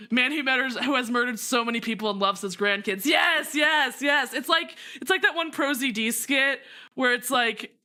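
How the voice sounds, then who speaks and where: A woman streaming a game, giggly and excitable, reading the narration aloud and talking to chat. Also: high-pitched, measured pace.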